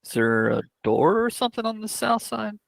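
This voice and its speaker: Gravelly man playing a tabletop game. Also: sits high, big pitch swings, moderate pace, dry recording. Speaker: player. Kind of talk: casual tabletop play.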